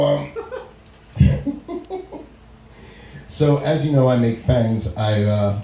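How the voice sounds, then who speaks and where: A man's voice: medium pitch, warm tone. A middle-aged male comedian doing a stand-up set, telling long stories, laughing at his own lines and acting out quotes. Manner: storytelling with frequent laughs and acted-out quotes. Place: small comedy venue. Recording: echoey room recording.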